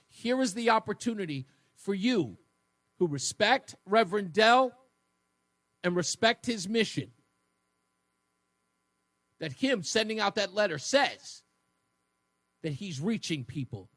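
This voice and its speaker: Guy hosting talk radio, high lively voice, mocking and emphatic, dead dry studio sound. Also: no room sound. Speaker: radio talk show host. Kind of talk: fired-up talk radio monologue.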